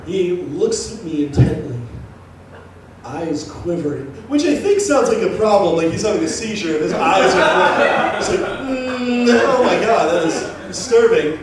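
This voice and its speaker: High-voiced man doing stand-up. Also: normal speed, a crowd in the background. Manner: animated storytelling, acts out quoted people. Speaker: stand-up comedian. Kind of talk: stand-up comedy routine. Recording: roomy live venue, mic from a distance.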